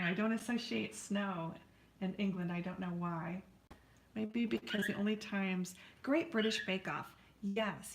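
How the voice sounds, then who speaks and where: A woman's voice: medium pitch, echoey room, a little hiss or hum. An American woman hosting a live painting stream from her art studio, chatting and rambling in a friendly way to viewers as she paints. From United States.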